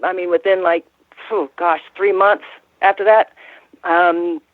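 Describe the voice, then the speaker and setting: A woman's voice: on the low side, fairly even intonation, measured pace, no room sound. A woman in her sixties, a guest on an interview, telling stories in a rambling way with many restarts and laughs. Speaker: guest, former wrestling ring announcer. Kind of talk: casual interview storytelling. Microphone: phone call. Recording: tinny phone line, dry.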